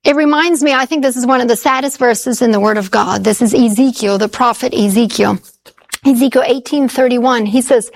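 A woman preaching a sermon, quoting scripture and slowing down to stress key words. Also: fairly high pitch, creaky. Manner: expressive, slows down for emphasis when quoting scripture.

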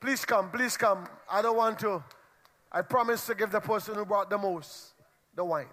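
A man leads a church meeting in a long, reverberant hall, playfully teasing and bantering with the congregation from the pulpit. His voice sits high with a fairly bright tone, at normal speed.

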